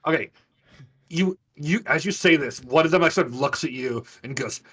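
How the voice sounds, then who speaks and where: Bright-voiced man running a tabletop game. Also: on the high side, normal speed, husky. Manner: laid-back, voices guards and nobles with loud shouts. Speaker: game master.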